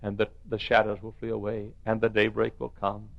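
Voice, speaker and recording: A male pastor preaching a sermon in a church, swinging from near-whispers to shouts. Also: on the low side, monotone, a little fast, gravelly, no room sound, muffled recording. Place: church sanctuary.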